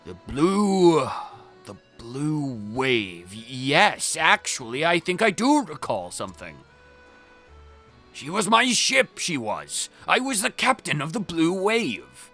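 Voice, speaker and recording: A man voicing a forgetful old male ship captain in a video game playthrough, speaking in a gruff drawl. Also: medium pitch, wildly swooping pitch, takes it slowly, hardly any pauses, darkish tone, faint music behind, exaggerated voice.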